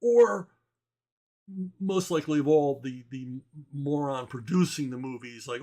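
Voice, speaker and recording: A comic book writer answers viewer questions in a casual, rambling chat, blunt and wry in his opinions and chuckling often. His voice is on the high side with a dark tone, and he speaks unhurriedly.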